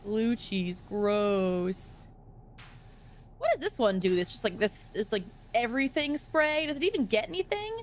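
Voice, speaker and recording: A woman's high, very lively voice, drawn out at a relaxed pace, chatters playfully through a game stream. She coos at a mascot and laughs easily, and a faint hiss sits under the recording. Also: unhurried. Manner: playful, giggly, talks to the game's mascot in a sing-song voice. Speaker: streamer playing a game with a friend. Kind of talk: casual gaming chat.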